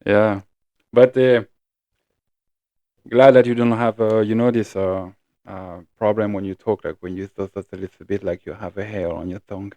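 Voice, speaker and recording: A man co-hosting a podcast in casual chat, prodding his partner with short, halting questions. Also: lowish voice, steady tone, dark tone, no room sound. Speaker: podcast co-host.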